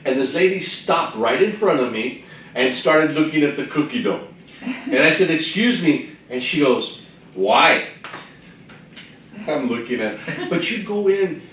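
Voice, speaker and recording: A man chatting casually about everyday encounters, slipping into the voices of the people he quotes. His voice rings around a very echoey room, picked up from a distance with a faint hiss behind it. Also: mid-range voice. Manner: animated, acts out quoted exchanges. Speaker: veteran guest on a panel. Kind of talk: casual storytelling in a group chat. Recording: echoey room, voice from far off mic, faint noise.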